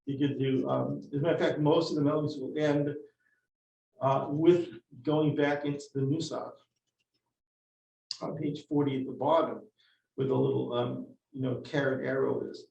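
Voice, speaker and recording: A man teaching a class on prayer melodies, shifting between relaxed, halting explanation and slow sung chant. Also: mid-range voice, gravelly. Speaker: cantorial teacher. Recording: roomy, distant, dull lo-fi sound with faint noise.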